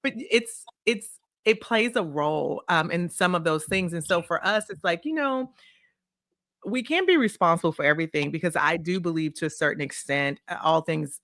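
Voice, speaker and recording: Low-voiced woman telling personal stories. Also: moderate pace, no echo, clean studio sound. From Illinois, USA. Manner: animated, acts out remembered dialogue. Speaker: podcast guest, consulting firm CEO. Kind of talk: casual interview storytelling.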